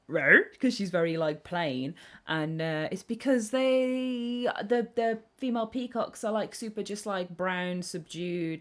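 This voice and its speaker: A young woman streaming live, chatting casually and excitably on tangents while reading chat aloud. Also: fairly low pitch. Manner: excitable, rambling, quick tangents. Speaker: game streamer.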